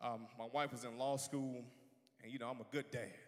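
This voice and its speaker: A man preaching a sermon in a church, swinging from quiet asides to shouting. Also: mid-range voice, little pitch movement, a little fast, big-room sound. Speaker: pastor.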